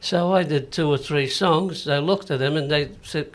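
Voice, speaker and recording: A man's voice: fairly high pitch, normal speed, a little hiss or hum. Older maltese guy, entertainer, telling stories on the radio, acts out quotes. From Malta. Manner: storytelling, acting out quoted dialogue. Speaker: entertainer and singer. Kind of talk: casual radio interview.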